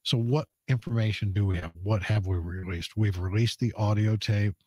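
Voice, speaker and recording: A man's voice: fairly low pitch, normal speed, mellow, husky, no echo. A middle-aged man, a police public information officer, explaining a case earnestly as a radio interview guest, with many "uh" fillers.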